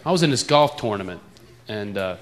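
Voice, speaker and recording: A man's voice: on the low side, animated, a little fast. A man doing a playful live stand-up routine, mocking accents and voicing the people in his stories. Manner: playful, mocks accents, voices characters. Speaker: stand-up comedian. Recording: live club with loud crowd and noise. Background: loud audience laughter.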